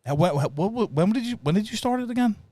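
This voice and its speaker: A man hosting a casual podcast, swearing freely and cracking jokes between questions. His voice sits at a middling pitch and is recorded close and dry, with no room sound. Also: animated, fast talker, dark tone, no room sound. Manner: crude, joking, lots of "right, right". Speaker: podcast host.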